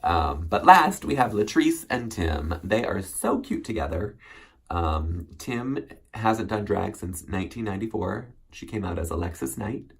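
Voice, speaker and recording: A man's voice: lowish voice, expressive, a little slow, creaky, breathy edge. A man hosting a solo recap show, chatting casually and rambling with many ums and self-corrections. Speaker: recap host.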